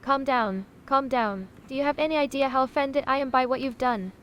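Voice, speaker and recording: Here a text-to-speech woman's voice sits high and runs fairly quick, a bit bright, with slight background noise. It plays a self-important chatbot calling itself a sausage, condescending, dramatic and haughty, repeatedly calling people honey.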